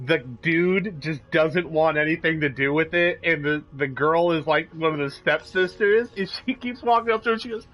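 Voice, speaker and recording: A man's voice: fairly high pitch, moderate pace, hardly any pauses, a bit bright, rough recording. A young man hosting a gaming stream, telling stories loosely and with profanity. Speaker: host. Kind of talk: casual gaming commentary chat.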